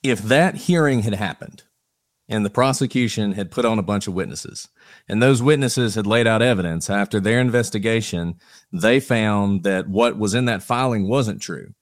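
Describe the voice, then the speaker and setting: Measured attorney, low dry voice. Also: male voice, no room sound. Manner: measured, thinks aloud with restarts and hedges. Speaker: attorney guest. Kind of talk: legal analysis on a podcast panel.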